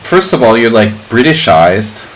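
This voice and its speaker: A man's voice: mid-range voice, very animated, unhurried, slight background noise, rough recording. A middle-aged man streaming chess, chatting casually in a rambling way with lots of fillers. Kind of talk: casual live-stream chat.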